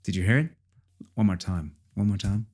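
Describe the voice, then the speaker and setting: A man with a fairly low voice talks casually through his music project, repeating phrases and filling gaps with "um" and "like". Faint music plays underneath as he demonstrates. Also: moderate pace. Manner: chatty, repeats phrases, many fillers. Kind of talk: casual tutorial walkthrough.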